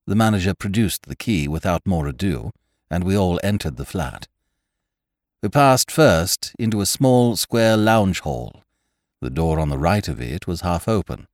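Deep-voiced, expressive man narrating a story. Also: unhurried, dry recording, studio quality. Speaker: audiobook narrator.

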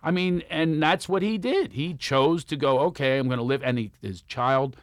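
A man's voice: normal speed, no echo, studio quality. A man, a comedian, telling stories in casual chat and acting out the voices of the people he quotes. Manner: animated storyteller, acts out quotes with big pitch jumps. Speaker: comedian guest.

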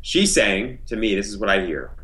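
A man's voice: lowish voice, big pitch swings, normal speed, a bit bright, poor audio. A man in a casual podcast discussion, explaining ideas in a reflective way with many fillers.

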